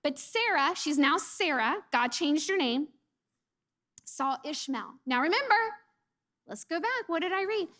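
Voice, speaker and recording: Woman, preacher, sermon, high-pitched voice, expressive, acts out quotes, soft near-whispers at times. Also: measured pace. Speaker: mother.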